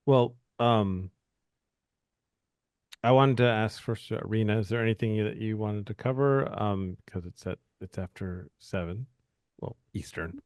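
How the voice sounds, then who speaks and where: A man's voice: lowish voice, a little slow, darkish tone, no room sound, clean studio sound. A man co-hosting a podcast, speaking tentatively with filler words as he steers the conversation. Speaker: podcast co-host. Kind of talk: casual chat.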